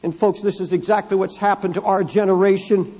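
High-voiced, husky fervent preacher man. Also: level tone, fairly quick, dark tone. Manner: fervent preaching, repeating phrases for emphasis; reads scripture aloud and addresses the congregation directly. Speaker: pastor. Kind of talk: sermon. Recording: long hall reverb in a church.

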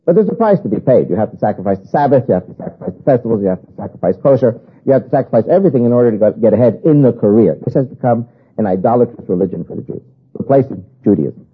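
An older man from the United States giving an emphatic preaching talk to an audience, with a husky voice and hammering, repeated lists. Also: medium pitch, animated, racing. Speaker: guest speaker. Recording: tinny phone-like recording.

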